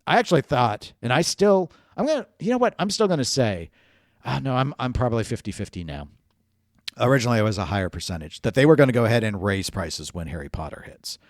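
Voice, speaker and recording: A man's voice: medium pitch, big pitch swings, quick pace, no room sound, studio quality. A man co-hosting a casual podcast chat, opinionated and analytical, thinking aloud with restarts. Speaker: podcast co-host.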